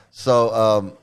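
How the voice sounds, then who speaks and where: A man's voice: mid-range voice, clear, resonant tone. A man in his sixties, a former cult member, giving a candid commentary monologue in a blunt, profane way and repeating phrases for emphasis. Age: 60s.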